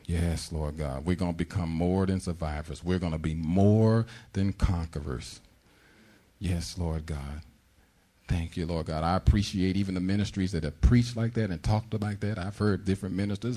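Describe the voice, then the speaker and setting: A middle-aged man preaching with fervor, his voice low and mellow with a husky edge. He slips into high, pleading prayer voices as he teaches. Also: normal speed. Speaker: pastor. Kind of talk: sermon.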